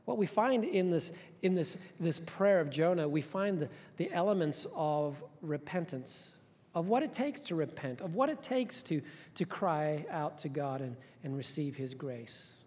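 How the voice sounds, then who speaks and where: A man preaching a sermon as pastor, passionate, swinging between hushed and loud, often repeating words. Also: a little high, sing-song, a little slow, husky. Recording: long hall reverb.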